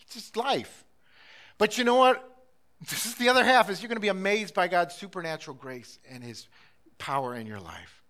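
A middle-aged male pastor delivering a sermon with a high, bright, forceful voice. His passion swings between loud, pressing urgency and quiet, close moments. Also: animated, normal speed.

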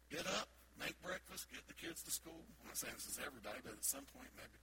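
A middle-aged man, a pastor, preaching a sermon in a church sanctuary with playful, animated storytelling. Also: mid-range voice, fast, few pauses, heavy background noise. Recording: loud background ambience.

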